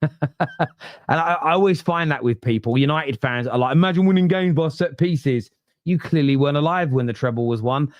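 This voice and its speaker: A man hosting a casual football fan podcast, reading chat comments and telling stories with animated, rising emotion. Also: dry recording, clean studio sound. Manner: animated storyteller, often rising in pitch when worked up.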